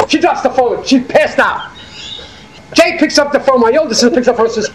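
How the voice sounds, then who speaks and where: Elderly new man, very high voice, lively oral history storytelling, echoey room. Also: brisk, slight background noise. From Hackensack, New Jersey. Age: older. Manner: animated, acts out quoted dialogue. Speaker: war veteran interviewee.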